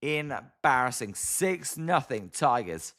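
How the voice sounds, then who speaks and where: A man's voice: medium pitch, big pitch swings, slow pace, fairly bright tone. A British man doing casual live-stream play-by-play of a ball game, exasperated and chatty as he answers viewers. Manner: exasperated, chatty, reads viewer comments aloud. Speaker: live-stream sports commentator. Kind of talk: casual play-by-play watch-along.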